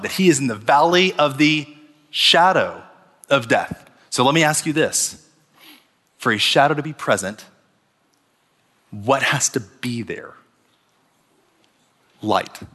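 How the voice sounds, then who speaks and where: Preaching man in a reverberant hall. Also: mid-range voice. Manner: swings from hushed, slow lines to raised, urgent ones. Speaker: pastor. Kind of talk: sermon. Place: church hall. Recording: long reverb of a large hall.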